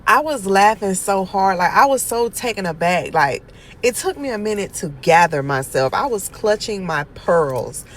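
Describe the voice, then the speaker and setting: A woman telling a story about her niece and nephew in a casual vlog, animated and exasperated, with sudden loud outbursts. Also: medium pitch, normal speed, low-quality recording. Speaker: aunt telling a family story.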